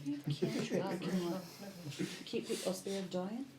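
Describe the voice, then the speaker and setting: A woman's voice: mid-range voice, slow, crowd noise. A woman playing a tabletop game, teasing and asking questions. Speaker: player. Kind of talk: casual tabletop game chat.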